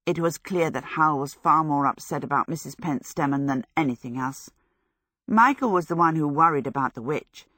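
A woman narrating an audiobook in a measured, even storytelling manner. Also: low voice, dry recording, studio quality.

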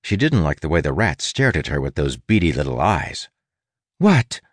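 Male audiobook narrator, deep voice, playful and wry, dry booth sound. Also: very animated, a little fast, slightly rough, no room sound. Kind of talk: scripted narration.

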